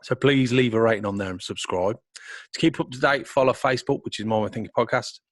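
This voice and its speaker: A man's voice: mid-range voice, quick pace, no room sound, studio quality. A man hosting a podcast, chatty and enthusiastic with stumbling restarts, tired and losing his voice. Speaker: podcast host. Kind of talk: casual interview chat and outro.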